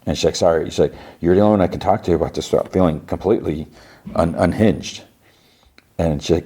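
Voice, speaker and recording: Deep-voiced man recapping a show. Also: a little fast, mellow, husky. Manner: acts out dialogue in loose voices; lots of "he's like" and restarts. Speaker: podcast host. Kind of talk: casual episode recap.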